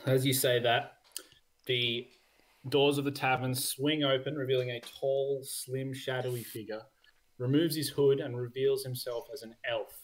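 Running a tabletop game as game master, a man narrates casually in quick bursts packed with fillers. His voice is mid-range with little pitch movement.

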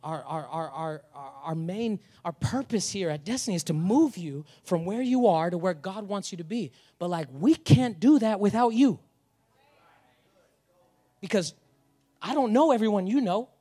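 High-voiced, lively casual preacher man. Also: moderate pace. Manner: casual, energetic preaching with humor and slang. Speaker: pastor. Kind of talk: sermon.

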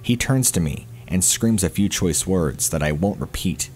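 Deep-voiced man narrating a horror story. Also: expressive, normal speed, a little mellow, slight background noise.

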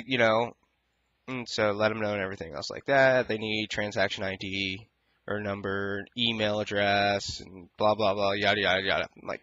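Frustrated young man ranting, bright voice. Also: medium pitch, no room sound, highs cut off. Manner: frustrated, rambling, quotes others in exaggerated voices. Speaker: gaming YouTuber. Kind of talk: casual ranting vlog.

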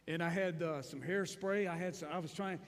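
A male pastor preaching a sermon, moving from hushed storytelling to shouted exhortation. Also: high-pitched, fairly even intonation, brisk. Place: large church hall. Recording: echoey hall.

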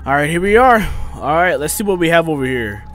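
A young man doing casual let's play commentary, joking to himself and yelping and shouting when enemies attack. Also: fairly high pitch, a little fast, faint music behind. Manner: jokey, excitable, yelps and shouts when attacked. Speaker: gaming YouTuber.

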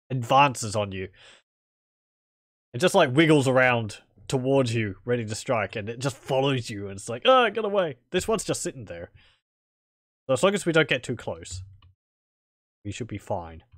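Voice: medium pitch, no echo, clean studio sound. A streamer doing let's play commentary, thinking aloud, speaking typed game commands and chuckling. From Australia.

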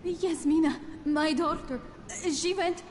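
A weary, fragile video-game mother, very high and trembling. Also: steady tone, slow pace, darkish tone, a little hiss or hum. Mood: fearful. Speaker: game character. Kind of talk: game cutscene dialogue.

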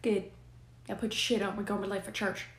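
A woman performing a comedy sketch, animated and switching between characters. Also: medium pitch, quick pace, reverberant. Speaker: comedy creator.

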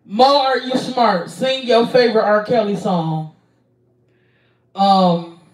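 Young woman host, loose and foul-mouthed, slow delivery, sits back from the mic. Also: mid-range voice. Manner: profane, blunt, hesitant with frequent ums. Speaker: streamer. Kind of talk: casual live-stream Q&A. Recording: roomy sound, distant from mic.

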